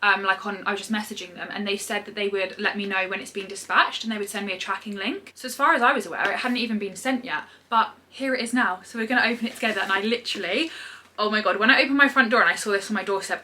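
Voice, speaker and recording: A young British woman vlogging casually at home, gushing and excitable, full of "literally" and "like". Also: mid-range voice, fast, a little hiss or hum. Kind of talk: casual vlog chat.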